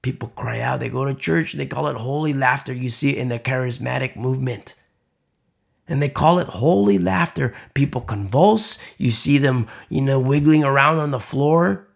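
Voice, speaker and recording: A man preaching a sermon, swinging from loud emphatic lines to hushed whispers. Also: mid-range voice, moderate pace, vocal fry. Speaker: pastor.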